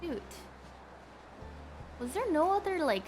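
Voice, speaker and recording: Young female streamer, high and bubbly, chats with her viewers. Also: sing-song, slow, a little mellow, faint music behind. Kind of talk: casual live-stream chat.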